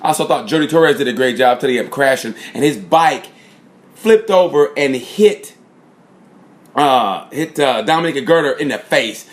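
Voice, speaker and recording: A man's voice: mid-range voice, moderate pace. Chatty man rambling through a race recap. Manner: rambling, lots of fillers and "props". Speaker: motorsport fan reviewer. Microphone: phone or camera mic.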